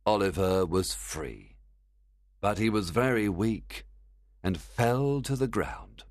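A man narrating a storybook in a clear, measured reading. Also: lowish voice, expressive, dry recording, studio quality. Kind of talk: storybook read-aloud.

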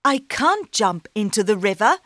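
A woman's voice: medium pitch, sing-song, normal speed, a bit bright, dry recording, studio quality. A woman voicing a nervous polite young man. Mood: anxious. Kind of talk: storybook reading.

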